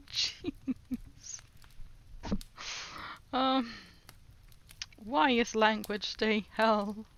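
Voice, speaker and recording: A woman's voice: a little high, extremely slow, long pauses, fairly bright tone, a little hiss or hum. A woman streamer chatting casually while doing language lessons, repeating foreign phrases aloud and giggling often.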